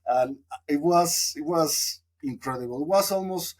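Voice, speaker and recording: His voice is on the high side and a little mellow, with a measured pace. He's a Mexican man guesting on a podcast, telling a long story in a reflective, rambling way with lots of fillers during a casual interview.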